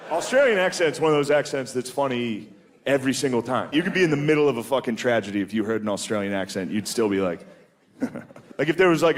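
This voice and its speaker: A man doing a stand-up comedy set in a crude, casual, deadpan manner. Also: medium pitch, noisy background.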